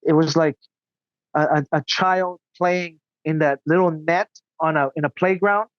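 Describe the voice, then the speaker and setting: A man's voice: fairly high pitch, steady tone, no echo, lo-fi sound. A man as a podcast guest, recounting his story in an earnest, indignant way. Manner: earnest, indignant, quick asides. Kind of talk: casual interview storytelling.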